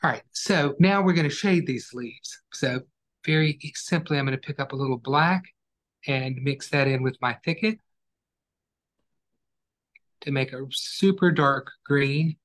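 A man with a mid-range voice teaches an online acrylic painting class, calmly walking through each step as he works. He speaks at a measured pace and pauses often.

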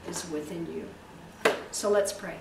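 A woman's voice: lowish voice, steady tone, takes it slowly, gravelly. A woman pastor preaching a sermon and leading prayer, emphatic and stretching key words for effect. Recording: echoey room, distant mic, faint hiss.

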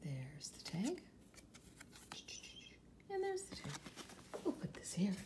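Woman from California, home unboxing vlogger, animated pitch, chatty and effusive with frequent soft asides. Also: takes it slowly, background noise. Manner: chatty and gushing, often dropping to a soft whisper. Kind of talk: casual unboxing vlog.

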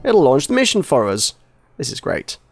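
English male game reviewer, mid-pitched, loose hesitant chat, a little self-mocking. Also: huge pitch swings, normal speed, creaky, breathy edge, no room sound, faint music behind. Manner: rambling, hesitant, self-deprecating. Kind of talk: casual gameplay commentary.

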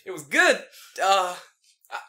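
Man, podcast host, bright tone, lively swooping pitch, excitable, swears a lot. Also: takes it slowly. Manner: animated, profane, excitable storyteller. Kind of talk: casual chat, storytelling.

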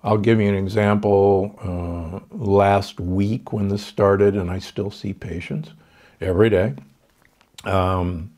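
A man's voice: lowish voice, steady tone, takes it slowly, darkish tone. An older man, a doctor hosting a podcast, giving confident health advice in conversation. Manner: confident, explanatory, with fillers.

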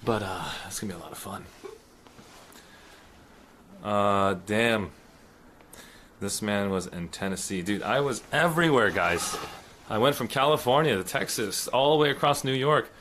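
A man's voice: lowish voice, normal speed, long pauses, fairly bright tone, a little hiss or hum. A man hosting a casual livestream from indoors in an apartment, chatting in a rambling way and thanking viewers. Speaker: streamer host.

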